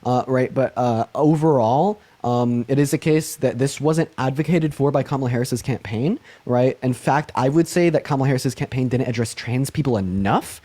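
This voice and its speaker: A young man hosting a live-stream call-in, talking fast with lots of fillers and thanking donors by name. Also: medium pitch, mellow. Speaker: livestream host.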